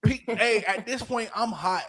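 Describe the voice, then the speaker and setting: A man from Florida with a notably high voice spins a story on a casual podcast. He swears constantly and keeps the telling animated, checking in with his listeners over and over. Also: unhurried, crowd noise. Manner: profane and animated, repeating "you know what I'm saying". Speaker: podcast co-host.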